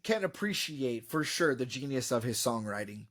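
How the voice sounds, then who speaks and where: A man's voice: medium pitch, expressive, moderate pace, a bit bright. A man co-hosting a podcast, reviewing a film in casual, rambling chat full of fillers.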